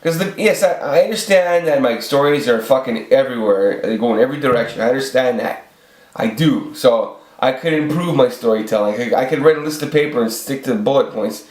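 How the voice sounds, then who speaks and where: A man in his forties rants off the cuff on his video channel, rambling, swearing, and often restarting. His voice is medium-pitched and darkish, and he talks fairly quickly in an echoey room.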